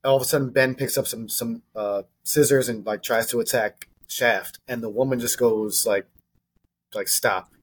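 A man hosting a casual podcast, retelling a film scene in quick, emphatic bursts. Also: mid-range voice, fairly even intonation, husky.

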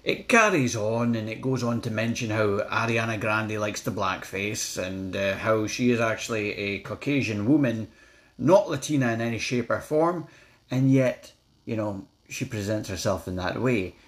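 A man's voice: fairly low pitch, normal speed, a bit bright. A Scottish man giving a blunt, outspoken review in a casual vlog, swearing and stumbling over his words as he talks.

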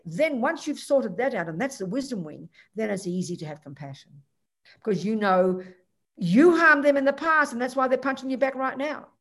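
Woman, Buddhist teacher, emphatic, direct, acts out quotes, higher pitch. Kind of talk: answering a student's question.

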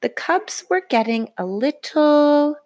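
A woman reading a picture book aloud to a child in an expressive, sing-song way. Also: sits high, takes it slowly. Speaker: storybook reader.

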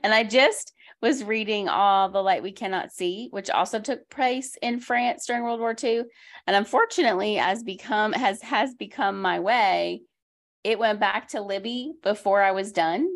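A woman's voice: medium pitch, moderate pace. A woman hosting a school library podcast, chatting casually about books with many asides and easy laughs. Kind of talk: casual book talk chat.

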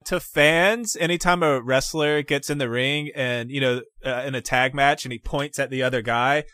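A man co-hosting a podcast, recapping wrestling history in a steady voice. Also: medium pitch, normal speed, no echo, clean studio sound. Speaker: podcast co-host and narrator. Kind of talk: casual chat and read narration.

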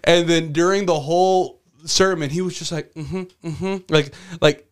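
A young man with a smooth, somewhat high, steady voice co-hosts a podcast at a moderate pace, in a dry, studio-quality recording. His casual storytelling is loose and profane, packed with fillers.

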